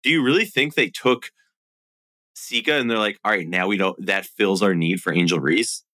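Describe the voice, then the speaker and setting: A man with a Minnesotan accent hosting a casual sports podcast, opinionated and animated as he argues his takes. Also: on the low side, normal speed, dry recording, studio quality. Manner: opinionated, animated, self-deprecating. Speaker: podcast host.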